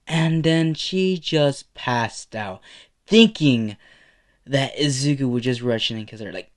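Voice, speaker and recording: A man telling an improvised fan-fiction tale, rambling along with plenty of fillers and restarts. His voice sits at an ordinary middle pitch. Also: expressive, moderate pace. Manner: loose, rambling, many fillers. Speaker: storyteller.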